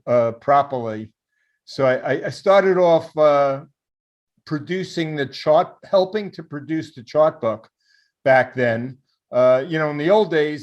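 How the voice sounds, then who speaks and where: A man's voice: mid-range voice, dull audio. An older man with a New York accent, a guest fund manager talking casually and reflectively, with hesitant fillers, from his home over a remote call. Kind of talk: casual interview talk.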